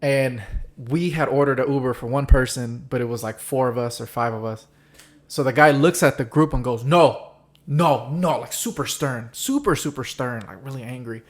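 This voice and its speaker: A man's voice: medium pitch, brisk. A man hosting a casual podcast chat, telling stories animatedly and acting out quoted voices. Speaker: podcast host. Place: San Diego.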